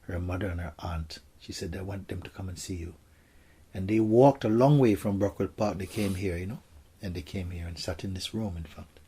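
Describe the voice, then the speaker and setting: Deep, dark-voiced man speaking softly. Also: fairly quick, hardly any pauses, breathy edge. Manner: soft-spoken, gentle storytelling, often drops to a hush. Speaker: spiritual teacher. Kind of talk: spiritual talk to a gathering.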